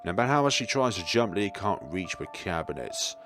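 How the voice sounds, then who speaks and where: A man's voice: sits low, big pitch swings, fairly quick. A man reading a horror visual novel aloud and making playful, wry asides. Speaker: gaming video creator. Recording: game music behind.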